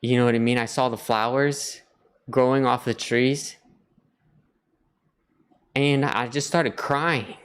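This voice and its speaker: A man vlogging to camera in an earnest, rambling way, on the verge of tears, repeating words as he reflects and then grows excited. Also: mid-range voice, slow, pauses often, clear, resonant tone. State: near tears. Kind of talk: emotional personal reflection to camera.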